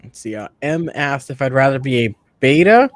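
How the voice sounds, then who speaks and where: A man's voice: medium pitch, very animated, normal speed, no echo. A man with a Connecticut accent, chatting casually as a guest and chuckling through his stories. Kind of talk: casual chat.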